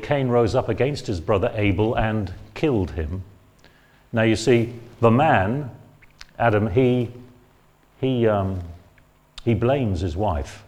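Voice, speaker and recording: Measured, lower-voiced male preacher. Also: a little mellow. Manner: measured, explanatory, frequent "uh" and "um" fillers. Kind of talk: expository Bible sermon.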